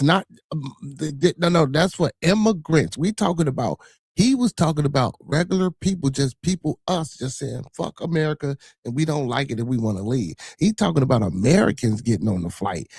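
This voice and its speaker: Chicago man, livestream host, casual cursing banter, gravelly, dry booth sound. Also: a little high, a little mellow, no echo. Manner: loose, profane, joking banter with frequent filler. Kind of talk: casual livestream chat reading out chat comments.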